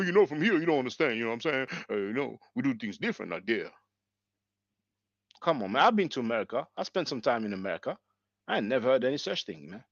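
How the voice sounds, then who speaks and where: A man's voice: sits high, dry recording, highs cut off. A man in his forties from France with a French accent, hosting his channel's live stream and firing off rhetorical questions to his audience. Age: 40s. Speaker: channel host.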